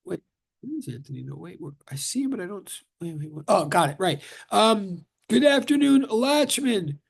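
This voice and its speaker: A male physics professor greets his class over a video call, chatty and quick to joke. His voice sits high for a man and carries a gravelly, frayed edge. He often breaks off his own sentences. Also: big pitch swings, fairly bright tone. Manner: chatty, self-interrupting, joking. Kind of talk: casual online lecture greeting.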